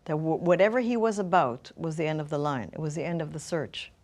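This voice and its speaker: As an interview guest, a middle-aged woman shares her personal story, thoughtful and searching for words. Her voice sits low, with a brisk delivery and a darkish tone.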